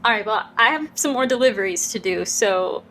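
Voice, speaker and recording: A woman playing in a tabletop role-playing game, describing her character's actions in a relaxed, playful way. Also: mid-range voice, brisk, a little hiss or hum. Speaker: player. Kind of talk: casual tabletop role-play.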